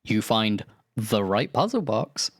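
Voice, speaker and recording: In a dry recording, a male game master with a lowish, sing-song voice takes his time chatting after the tabletop session. His talk is loose and rambling, peppered with swearing and laughter that breaks into his sentences.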